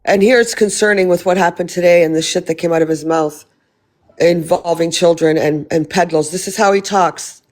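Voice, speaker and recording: A woman's voice: lowish voice, steady tone, normal speed, darkish tone. A woman host on a livestream, indignantly condemning someone. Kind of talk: livestream commentary.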